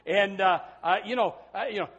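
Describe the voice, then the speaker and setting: Middle-aged male pastor with a high-pitched voice, preaching with sudden loud peaks and quiet drops. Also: fairly quick, highs cut off. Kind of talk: sermon.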